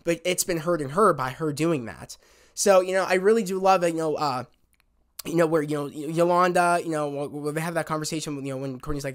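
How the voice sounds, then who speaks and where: Man, slightly high voice, rambling and heartfelt, casual show recap. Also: brisk. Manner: rambling, heartfelt retelling of scenes. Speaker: TV show reviewer. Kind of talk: casual spoken episode review.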